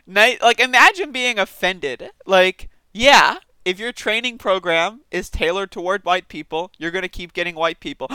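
A man's voice: high voice, normal speed, hardly any pauses, bright, forceful tone, clear, resonant tone, no echo. A man giving casual, sarcastic news commentary, reading articles aloud and reacting with disbelief. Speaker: political commentary streamer.

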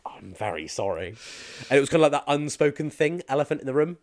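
A man with a fairly high voice talks at a racing pace, recorded dry with studio quality. He's a fitness and mindset coach appearing as a podcast guest, chatting casually and telling animated stories while slipping into other people's accents.

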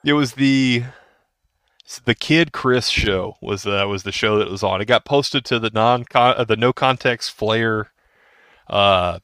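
A man's voice: fairly low pitch, measured pace, fairly bright tone, clean tone, dry recording, clean studio sound. A man in his thirties co-hosting a podcast, rambling casually with restarts and laughs. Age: 30s. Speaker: podcast co-host. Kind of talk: casual chat.

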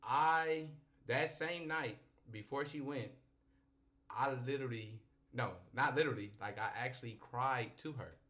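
A man hosting a podcast, telling a story in casual chat, animated and profane and often laughing. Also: mid-range voice, measured pace. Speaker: podcast host.

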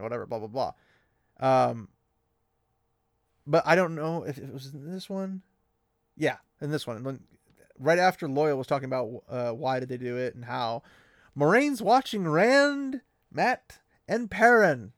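A man hosting a casual podcast, recapping a book with animated energy and frequent laughs, close to the mic. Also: medium pitch, measured pace, long pauses, no room sound. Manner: animated, laughing often, playful. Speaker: podcast host.

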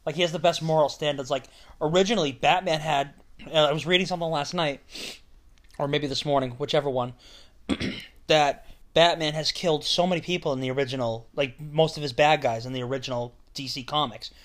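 A man's voice: a little high, fairly even intonation, brisk. A man co-hosting a casual podcast, rambling and loose in his banter. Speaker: podcast co-host.

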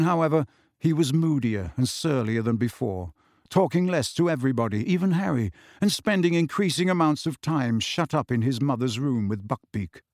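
A man's voice: mid-range voice, darkish tone, no echo, studio quality. Man narrating an audiobook expressively. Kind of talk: scripted narration.

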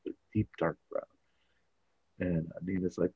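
Podcast host, male, very low and husky, rambling recap, filler-heavy. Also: steady tone, normal speed, dry recording. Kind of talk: casual show recap. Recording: dull, dry audio.

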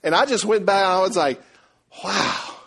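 Animated pastor preaching. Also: male voice, sits high, fast. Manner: animated, conversational, asks the congregation questions. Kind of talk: sermon with storytelling.

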